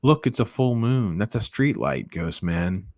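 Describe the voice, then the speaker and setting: Grim undead avenger read out by a man, low voice, quiet and deliberate, dry sound. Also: animated, no room sound. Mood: menacing. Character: menacing undead male avenger, cold and grim.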